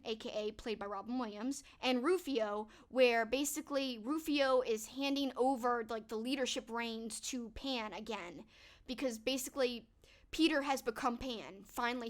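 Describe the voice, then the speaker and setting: A young adult woman chatting casually to her live stream viewers, animated and quick to laugh, sometimes slipping into silly movie-quote voices. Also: fairly high pitch.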